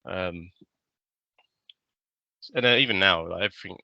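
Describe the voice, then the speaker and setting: A man's voice: deep voice, unhurried, gravelly, pushed and bright, no room sound, lo-fi sound. A young man co-hosting a podcast, chatting casually, rambling with lots of fillers and swearing freely. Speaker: podcast co-host. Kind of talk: casual chat.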